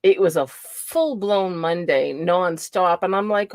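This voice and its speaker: A woman's voice: on the low side, slow pace, a little mellow, no echo. A woman with a New England accent hosting a livestream, chatting casually, greeting viewers by name and laughing often. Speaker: livestream host.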